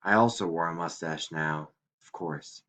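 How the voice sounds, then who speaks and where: Quiet, reflective male story narrator. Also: low voice, measured pace. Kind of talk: audiobook reading.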